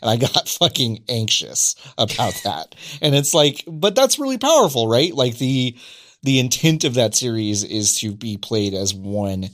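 Candid, excitable man in casual chat. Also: medium pitch, unhurried. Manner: enthusiastic, candid, swears casually.

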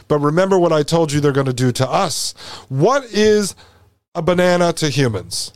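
A man's voice: on the high side, brisk, clean tone, dry recording. Insistent male podcast host, dry sound. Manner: emphatic, insistent and repetitive. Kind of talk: commentary over a played video.

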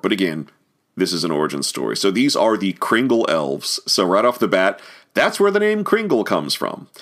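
A man's voice: low-pitched, a bit bright. A man giving a rambling film commentary, with many fillers and restarts. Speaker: commentary host.

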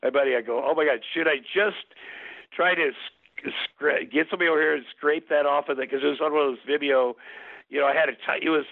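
A man telling a long story as an interview guest, rambling and lively, with many restarts and quoted exchanges. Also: a little high, quick pace, gravelly. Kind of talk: animated storytelling. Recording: phone-like narrow sound.

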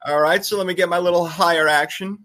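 A man's voice: high-pitched, fairly even intonation, fast talker, sharp tone. A man hosting a casual sports talk show, joking around and running a guessing game with his co-hosts.

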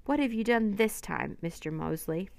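Woman doing a gruff, stern sea captain. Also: medium pitch, lively intonation, normal speed, no room sound. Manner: gruff, commanding. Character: gruff male ship captain, stern and impatient.

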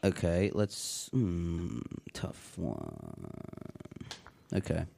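Low, animated young host reading questions. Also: male voice, drawn-out words, gravelly, husky. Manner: teasing, says "bro" and "dude" a lot. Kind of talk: casual chat among friends.

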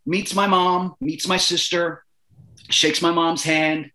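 A middle-aged Canadian man telling a long story in a casual interview, animated and profane, acting out the voices of the people in it. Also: on the high side, slow pace. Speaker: guest.

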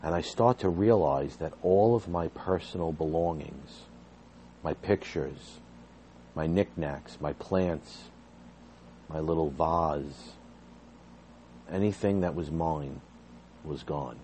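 Low, mellow-voiced man telling his story. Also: slow, pauses often, a little hiss or hum. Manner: earnest, agitated retelling with rising intensity. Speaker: fired behavior therapist telling his story. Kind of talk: emotional personal storytelling.

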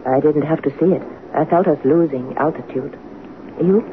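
A woman's voice: sits low, normal speed, narrow, tinny audio, lightly acted. French-born general's wife in her 50s, played by a woman, teasing and affectionate, old radio drama, thin crackly broadcast sound. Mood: tender. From France. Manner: affectionate and playful.

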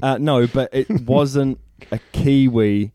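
A man's voice: medium pitch, takes it slowly, warm tone, no echo. A man co-hosting a casual rugby podcast, easygoing and agreeable in his banter. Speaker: podcast co-host. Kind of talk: casual chat.

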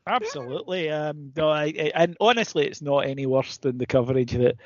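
A man's voice: fairly high pitch, brisk, dry recording. A man co-hosting a podcast, telling football stories in a brash, profane way. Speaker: podcast co-host. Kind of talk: casual football chat. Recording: dull lo-fi podcast audio.

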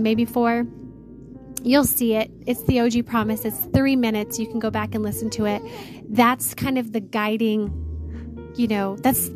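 A woman hosting a faith podcast, talking to listeners in an excited, gushing way and closing in prayer. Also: fairly high pitch. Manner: excited, gushing, addresses listeners as "you guys". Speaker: podcast host.

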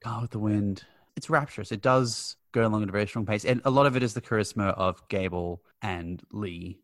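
Aussie guy chatting about old movies, quick excited asides, dry sound. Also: on the low side, no room sound. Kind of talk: casual film chat.

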